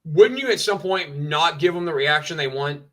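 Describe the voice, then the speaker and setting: Bright-voiced ranting male streamer. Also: a little high, lively intonation, normal speed. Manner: emphatic, repetitive, heated. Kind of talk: ranting livestream talk.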